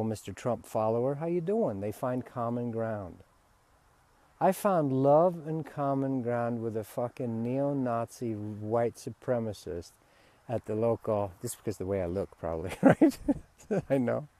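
Mellow-voiced man giving spiritual talk. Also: mid-range voice, unhurried, no echo. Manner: relaxed, candid, swears freely. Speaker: spiritual teacher.

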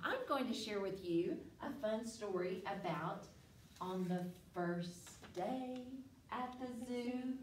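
A woman's voice: mid-range voice, lively intonation, takes it slowly, slight background noise. A woman hosting a library story time, reading aloud to children with playful animal sounds. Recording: echoey room, mic far off.

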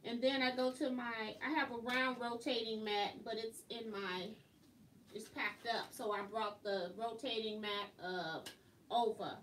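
A woman hosting a casual live quilting tutorial, chatty and quick to laugh. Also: fairly high pitch, fairly even intonation, fairly bright tone. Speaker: quilting instructor and host. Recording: roomy, distant mic, faint noise.

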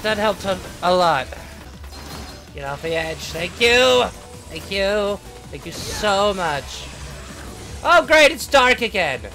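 A man's voice: high-pitched, exaggerated voice. A man playing a symmetry-obsessed young male reaper, giving short-tempered gameplay commentary and swearing at the game. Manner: easily agitated, swears and yells at the game. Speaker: gamer playing in character. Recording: game music playing behind the voice.

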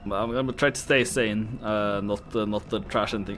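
A man streaming a game who jokes and swears loudly as he plays. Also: fairly low pitch, a little fast, few pauses, faint music behind. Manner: jokey, swears a lot, lively. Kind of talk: casual game commentary.

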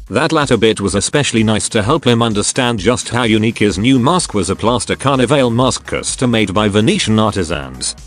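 A man narrating a scripted story in an even synthetic reading voice. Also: on the low side.

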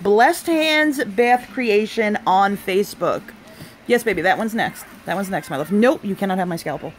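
Chatty, excitable young woman unboxing live. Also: medium pitch, moderate pace, slight background noise. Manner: chatty and excitable, frequent delighted exclamations; breaks off to talk to family off camera. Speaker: unboxing vlogger hosting a live stream. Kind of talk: casual live unboxing chat.

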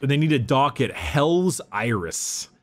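A young man with a mid-pitched voice discussing a novel in a casual, unhurried way. He often restarts his sentences and slips quoted lines into his retellings. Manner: relaxed, stammery restarts, recounts scenes with quoted lines. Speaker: podcast co-host.

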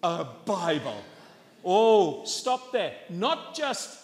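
The long reverb of a church hall surrounds this sermon by an Englishman in his sixties. His high voice swings widely in pitch and he draws out his words, chuckling and mocking himself as he tells his stories.

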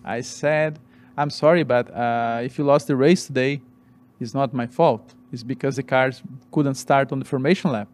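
A man, a former racing driver guest telling his story in halting, animated with many restarts. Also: mid-range voice. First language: Portuguese. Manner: animated, halting non-native English with restarts. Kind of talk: interview storytelling.

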